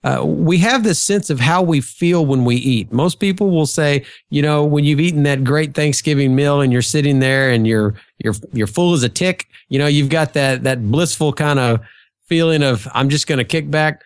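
A man's voice: a little high, normal speed, dry recording. Chatty man telling stories, dry close mic. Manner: chatty, storytelling, frequent fillers. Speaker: podcast guest. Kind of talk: casual chat.

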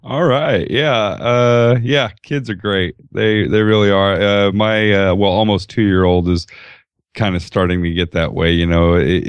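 A man's voice: sits low, smooth, no room sound. A man co-hosting a podcast who talks in an easygoing, hesitant way with many fillers. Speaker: podcast co-host. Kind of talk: casual chat.

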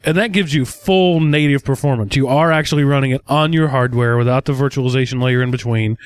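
A man's voice: medium pitch, a little fast, clean tone, dry recording. A man hosting a casual tech podcast who jokes and asks the panel questions. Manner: relaxed, joking, asks the others questions. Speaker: podcast host.

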